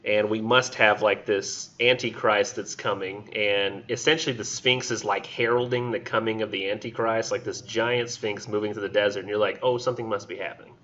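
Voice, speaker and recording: A man's voice: lowish voice, steady tone, moderate pace, few pauses, bright, forceful tone. A man giving a casual, rambling classroom lecture full of fillers and asides. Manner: rambling, filler-heavy, acts out silly voices. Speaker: college literature instructor. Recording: dull lo-fi classroom recording.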